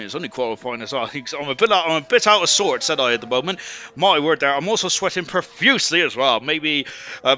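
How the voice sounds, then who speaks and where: A man giving rambling, chatty live commentary on an online racing league, full of quaint exclamations. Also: a little high. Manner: rambling, chatty, quaint exclamations, rising excitement on fast laps. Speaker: esports race commentator.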